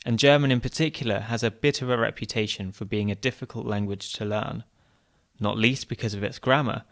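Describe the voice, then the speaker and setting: A man hosts a podcast, delivering scripted narration clearly and evenly. His pitch sits in an ordinary middle range for a man. The humour is light and dry. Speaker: podcast host.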